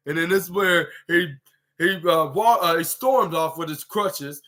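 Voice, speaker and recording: A man hosting a podcast, recapping a wrestling show in a halting, rambling way with many fillers and restarts, acting out what the wrestlers said. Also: high voice, pushed and bright. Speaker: podcast host.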